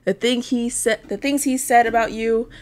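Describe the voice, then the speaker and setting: A woman's voice: a little high, steady tone, normal speed, a little hiss or hum, pitched above the performer's own voice, lightly acted. A woman reading as a proud, chatty middle-aged dad. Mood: fatherly. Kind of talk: reading game dialogue aloud.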